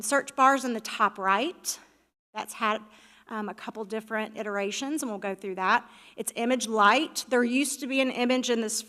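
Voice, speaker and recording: A woman's voice: fairly high pitch, bright, forceful tone. Woman presenting in an echoing hall. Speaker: village staff presenter. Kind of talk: presentation to council. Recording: reverberant meeting hall.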